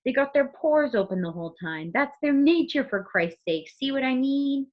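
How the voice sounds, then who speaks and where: A woman reading out a gruff male New York cab driver in a slightly raised voice, in a muffled recording. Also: high voice, animated, moderate pace, voice pushed up. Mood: exasperated.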